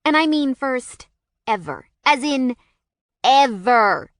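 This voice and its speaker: A woman voicing a gossipy, excitable teenage girl who teases her best friend bluntly in an audiobook. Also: high voice, slow pace, no room sound, clean studio sound, pitched above the performer's own voice, full character voice.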